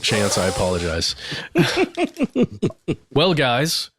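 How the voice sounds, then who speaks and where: A man's voice: medium pitch, expressive, normal speed, noisy background. A man co-hosting a podcast, reading a listener's email aloud in a loose, chatty way with casual swearing. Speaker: podcast co-host.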